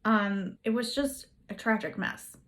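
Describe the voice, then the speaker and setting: A woman's voice: medium pitch, measured pace, fairly bright tone. A woman telling history in a casual, chatty way, full of sarcastic, playful asides. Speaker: history video host.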